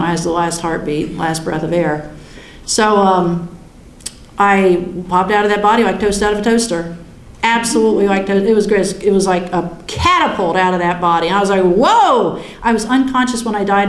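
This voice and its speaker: A woman in her sixties telling a personal story in a chatty, animated way, often laughing. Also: medium pitch, reverberant. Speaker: guest recounting a near-death experience.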